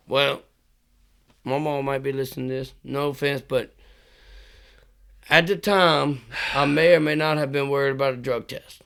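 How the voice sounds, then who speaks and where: A man's voice: medium pitch, fairly even intonation, moderate pace, creaky, long pauses, fairly bright tone, clear, resonant tone. A man, co-hosting a podcast and telling a rowdy, profane story, laughing as he goes. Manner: rowdy, profane storyteller who laughs through his tale. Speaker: podcast co-host. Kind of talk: casual storytelling.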